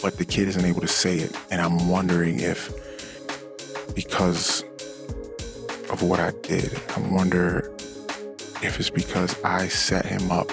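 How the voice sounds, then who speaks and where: Very low, gravelly-voiced man, shaken. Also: completely flat delivery, over music. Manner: halting, emotional, many restarts and fillers. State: emotionally shaken. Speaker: podcast host. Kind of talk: personal confessional monologue.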